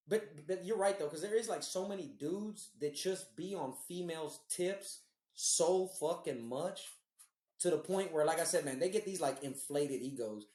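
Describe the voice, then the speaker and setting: A man's voice: on the high side, a little mellow, echoey room. A man co-hosting a podcast, telling rambling, profane stories in casual chat. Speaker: podcast co-host.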